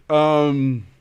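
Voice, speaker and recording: A man's voice: on the high side, darkish tone, smooth. A man co-hosting a podcast in casual chat, who laughs often and talks hesitantly with many fillers and restarts. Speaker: podcast co-host.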